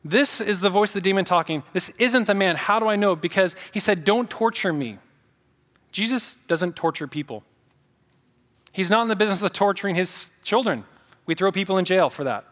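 A man's voice: high-pitched, brisk, fairly bright tone, long reverb tail. A male pastor preaching a sermon, emphatic, repeating key points and asking the congregation questions.

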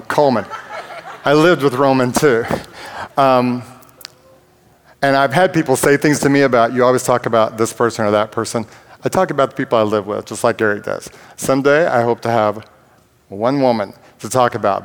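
A man's voice: mid-range voice, clear, resonant tone. Male preacher, mid-range voice, plain-spoken and self-deprecating, big echoing hall sound. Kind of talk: conversational sermon with personal stories. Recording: long hall reverb.

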